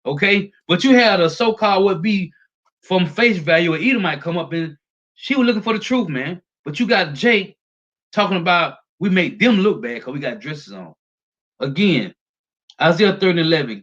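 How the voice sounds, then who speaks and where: A man delivers a street-style sermon, reading scripture and breaking it down in an emphatic, repetitive way. His voice sits fairly high for a man. The recording is dull and lo-fi. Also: sing-song, normal speed, fairly bright tone. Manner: emphatic, repetitive, ends phrases with a low "man". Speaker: preacher.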